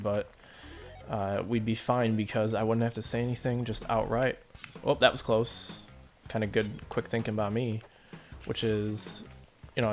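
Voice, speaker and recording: Rambling let's play guy, lowish voice. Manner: rambling, self-deprecating, talks to viewers. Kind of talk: casual gameplay commentary.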